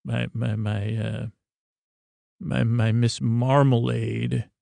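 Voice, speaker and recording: A man's voice: mid-range voice, level tone, slow pace, gravelly, mellow, no echo. A man doing a hammy clownish street busker. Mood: mock distress. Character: theatrical male street busker, clownish, over-the-top.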